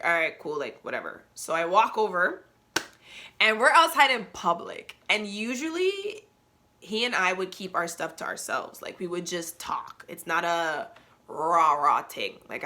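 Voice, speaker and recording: Bright-voiced woman podcast host. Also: on the low side. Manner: candid, slangy, animated storytelling. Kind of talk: casual storytelling podcast.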